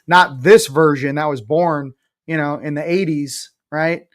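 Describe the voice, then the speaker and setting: A man in his forties speaks as an interview guest with a voice pitched a little above most men. He talks bluntly and emphatically, drops casual swear words and pokes fun at himself with a sarcastic streak. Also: steady tone, measured pace. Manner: sarcastic, self-mocking. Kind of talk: casual spiritual interview talk.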